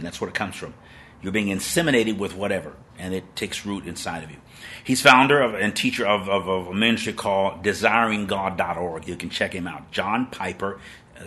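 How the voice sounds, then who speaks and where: A man in his sixties preaches on a live stream in an emphatic, dramatic way. His voice sits fairly low and pushes hard with a bright, forceful edge. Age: 60s.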